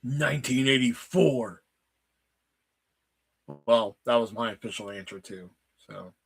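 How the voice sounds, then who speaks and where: A man's voice: medium pitch, slow, creaky, breathy edge. A man hosting a casual trivia night stream, joking and swearing freely with friends. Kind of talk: casual chat over a trivia game.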